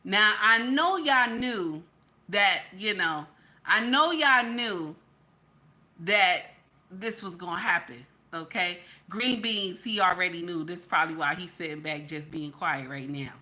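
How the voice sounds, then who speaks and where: Female stream host, chatty and animated, forceful bright tone. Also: fairly low pitch, a little slow. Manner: animated, repeats "okay?" constantly. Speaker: livestream host. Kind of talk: casual chat reading viewer comments.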